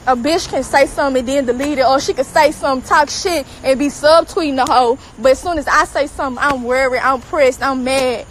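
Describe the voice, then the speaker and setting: A woman's voice: sits high, a little fast, few pauses, a bit bright, a little hiss or hum, low-quality recording. A woman delivering an angry, profanity-filled social media rant, talking heatedly and repeating herself. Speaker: celebrity girlfriend.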